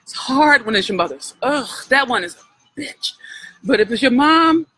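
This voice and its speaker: Husky-voiced woman giving a heartfelt healing talk. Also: on the high side, expressive, normal speed, bright, forceful tone, poor audio. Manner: heartfelt, preacher-like, addresses listeners directly. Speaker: spiritual wealth coach. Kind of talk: live-streamed healing talk.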